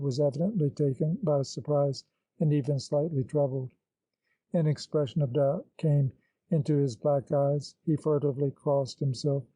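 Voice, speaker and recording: A man narrating an audiobook in a measured, literary storytelling manner. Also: fairly high pitch, mellow, dry recording, low-quality recording.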